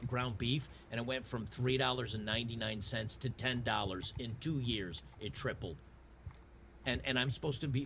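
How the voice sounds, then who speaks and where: A gaming channel host from Tennessee rants over gameplay, frustrated and sarcastic, often restarting his sentences. His voice is medium-pitched and a bit bright, with a slight hiss or hum in the audio.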